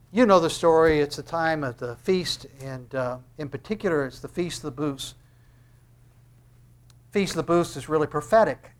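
A man preaching a sermon, swinging between loud emphatic declarations and hushed tender lines, often asking rhetorical questions. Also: fairly high pitch. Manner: asks the audience rhetorical questions.

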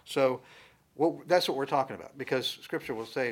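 A male pastor teaching a sermon from the Bible in a conversational way, building to loud, emphatic stresses on key words. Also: medium pitch, normal speed, husky.

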